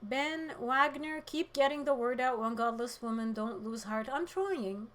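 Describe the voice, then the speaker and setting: A woman hosting a political livestream, reading chat comments and speaking with emotion, close to tears, shifting between loud outbursts and quiet moments. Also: on the high side, level tone, moderate pace. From Middle East.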